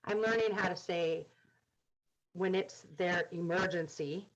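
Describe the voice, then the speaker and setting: A woman's voice: fairly low pitch, measured pace, lo-fi sound, a little hiss or hum. A middle-aged woman telling candid stories in conversation, acting out quoted dialogue with humor. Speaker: guest.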